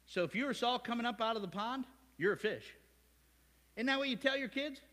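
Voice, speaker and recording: A male pastor from Ohio preaching a sermon in a church, lively and conversational, with asides to the congregation. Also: very high voice, a little fast, big-room sound. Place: church sanctuary.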